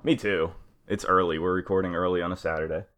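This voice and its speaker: A man's voice: low-pitched, steady tone, quick pace, fairly bright tone. A young man hosting a podcast, chatting in a laid-back way, laughing easily and swearing casually. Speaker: podcast host.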